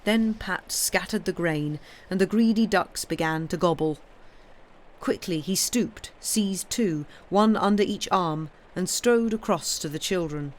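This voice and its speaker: Expressive woman reading a story aloud. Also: lowish voice. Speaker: story reader.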